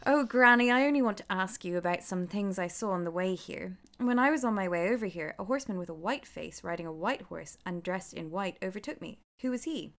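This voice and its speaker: Gentle, polite young girl, as a woman reads her. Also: mid-range voice, lively intonation, fairly quick, hardly any pauses. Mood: pleading. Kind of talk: storybook reading.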